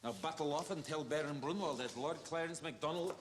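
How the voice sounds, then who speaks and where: A man's voice: fairly high pitch, brisk, natural voice. An actor playing a pompous man posing as a Scottish lord, with a put-on Scottish accent and a fussy, haughty manner, heard from a film clip. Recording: film clip with long reverb and noise.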